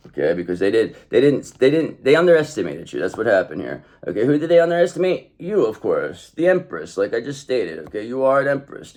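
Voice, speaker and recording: A man's voice: medium pitch, a little mellow. A man doing a casual tarot reading, talking straight to the viewer in a swaggering, emphatic way, swearing often and ending lines with "okay?". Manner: swaggering, emphatic, profane, keeps tagging "okay?". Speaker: tarot reader.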